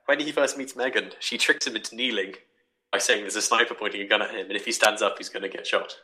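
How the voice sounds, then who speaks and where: A young man casually talking through a book on a podcast, rambling and animated, acting out quoted thoughts. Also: lowish voice, fast talker, poor audio. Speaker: podcast host reviewing a book.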